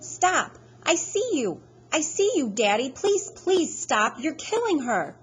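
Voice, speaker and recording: A woman voicing a frightened teenage boy who shouts and pleads at his father. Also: sing-song, slow, husky, full character voice. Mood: screaming, desperate. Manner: desperate high-pitched shouting.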